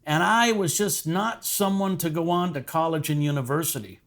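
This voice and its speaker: A man's voice: fairly high pitch, normal speed, creaky, fairly bright tone. A man hosting an interview, who reacts to his guest's story with brief, encouraging remarks and a short story of his own. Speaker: interview host. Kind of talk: casual interview chat.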